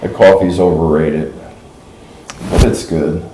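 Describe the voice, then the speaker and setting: A man's voice: low voice, fairly even intonation, takes it slowly, warm tone. A middle-aged man from the New York area, hosting a livestream and telling rambling stories in a casual, folksy way. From New York / New Jersey. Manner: chatty, folksy, laughs at his own stories. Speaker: livestream host. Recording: roomy echo.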